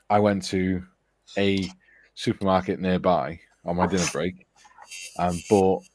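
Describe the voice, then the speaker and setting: Low-voiced man telling a story. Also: darkish tone, a little hiss or hum. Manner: laughs often while storytelling, rambling with restarts. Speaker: host of a model-building chat. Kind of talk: casual chat telling an anecdote.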